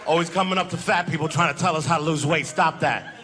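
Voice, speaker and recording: A man's voice: a little high, steady tone, fast, noisy background. A man doing a stand-up comedy set, brash and profane, teasing the crowd.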